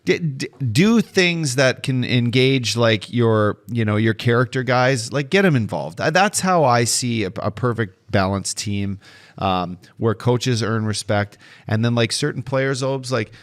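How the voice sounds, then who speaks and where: A man's voice: mid-range voice, lively intonation, a little slow. A man in his thirties co-hosting a casual hockey podcast, giving blunt, profane opinions. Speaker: podcast co-host. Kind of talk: casual sports chat.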